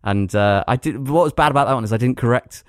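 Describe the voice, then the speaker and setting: A man co-hosts a relaxed podcast, telling stories in an easygoing, self-deprecating way. His voice is mid-pitched. The recording is dry and close. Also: fast talker, clean tone, no room sound. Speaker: podcast co-host. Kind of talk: casual chat.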